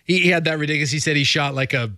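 A man co-hosting a casual chat, telling stories in an animated way and leaping up in pitch when he acts out quotes. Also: very fast, no room sound, clean studio sound. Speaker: co-host.

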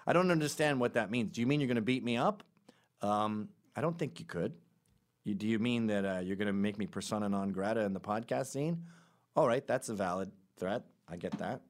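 A man hosting a podcast, telling stories in a casual comedic monologue with quick asides. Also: fairly low pitch. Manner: animated storytelling with quick asides and laughs. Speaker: podcast host.

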